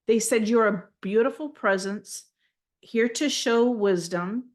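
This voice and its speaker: A woman channeling messages for people in a live intuitive reading, speaking gently and heartfelt, often moved to emotion. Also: unhurried. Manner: speaks in flowing, high, invented-sounding syllables at times. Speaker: spiritual channeler giving readings.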